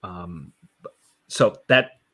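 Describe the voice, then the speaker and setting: A man co-hosting a casual panel chat about writing comics, talking in a halting, rambling way with many fillers. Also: sits low, animated, sharp tone. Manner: rambling, halting, laughs often. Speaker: co-host, comic writer.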